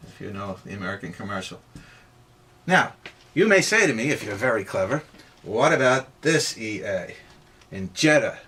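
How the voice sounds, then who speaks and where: Bright-voiced male language tutor. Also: on the low side, sing-song, husky. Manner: emphatic, repeats sounds slowly for drilling. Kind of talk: pronunciation lesson.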